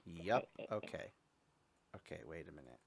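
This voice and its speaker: A man's voice: deep voice, expressive, a little slow, gravelly, slightly rough. A young man hosting a casual livestream chat, rambling and joking with his viewers. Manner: chatty, rambling, jokey with playful fake sobbing. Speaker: host.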